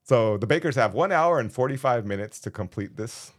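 A man's voice: medium pitch, expressive, a little fast. A man co-hosting a casual recap podcast, walking through show details with light jokes. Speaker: podcast co-host.

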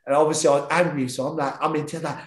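A former professional footballer tells stories from his career in conversation, animatedly acting out his own thoughts and what others said. He speaks very fast in a fairly high voice, and the reverberant audio is poor.

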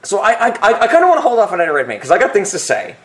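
A man co-hosting a casual podcast chat at home, animated and quick to laugh. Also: high-pitched, crowd noise. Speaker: podcast co-host. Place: room at home. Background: lawnmower outside.

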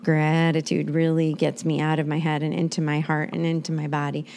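A woman co-hosting a podcast in casual chat, energetic, blunt and jokey. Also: sits low, brisk, a little hiss or hum. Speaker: podcast co-host.

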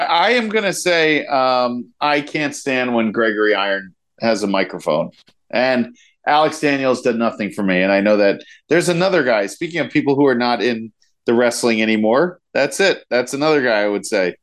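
Animated, rambling man co-host. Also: mid-range voice. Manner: rambling, halting, laughs easily. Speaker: podcast co-host. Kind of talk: casual chat.

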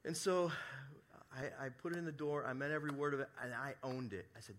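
Bright-voiced male pastor telling a story. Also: mid-range voice, fairly quick. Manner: storytelling, animated, jokey asides. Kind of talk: sermon. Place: church service before a congregation.

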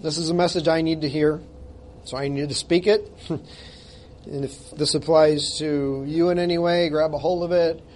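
A man's voice: fairly high pitch, fairly even intonation, normal speed, darkish tone, slight background noise. A male pastor preaching a sermon, reading scripture aloud and speaking in an emphatic, conversational way with jokes at his own expense.

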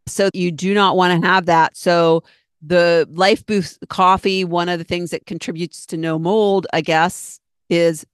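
A woman's voice: on the low side, fairly even intonation, unhurried, smooth, no room sound, clean studio sound. A middle-aged woman hosting her own podcast, talking in a chatty, rambling, earnest way and acting out her own thoughts. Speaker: podcast host. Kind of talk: casual solo podcast talk.

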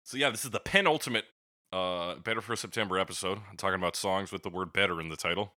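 A man hosting a casual, comedic music podcast, talking with wry, deadpan jokes. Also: low-pitched, fast talker. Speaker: podcast host.

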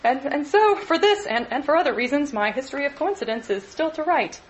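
A woman voicing a genial, talkative middle-aged male clergyman who gently lectures the young men. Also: high voice, animated, a little fast, a little hiss or hum, pitched above the performer's own voice, poor audio.

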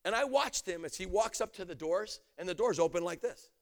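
Casting: high-pitched male preacher, lively storyteller, bursts into shouts. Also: fairly quick. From United States. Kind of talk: storytelling sermon.

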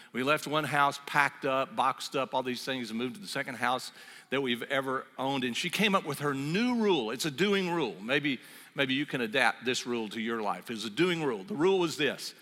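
A man's voice: fairly high pitch, sharp tone, big-room sound. A man preaching a sermon as pastor, talking conversationally, telling stories with asides and fillers.

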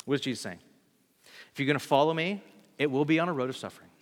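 Casual male preacher, animated and slangy, slightly high voice; long hall reverb. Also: fast. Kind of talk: sermon.

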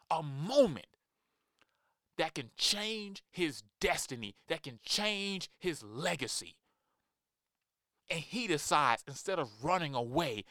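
Impassioned preacher guy, kinda high voice, dead dry sound. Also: bright, forceful tone, no echo. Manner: impassioned, emphatic, acts out quoted voices. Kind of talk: sermon.

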